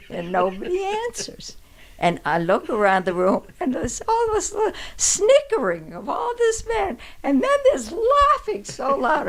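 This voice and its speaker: An older woman telling stories from her life in an interview, halting, with many restarts and pauses, and laughing as she recalls them. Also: fairly low pitch, sing-song, gravelly. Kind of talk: reminiscing storytelling.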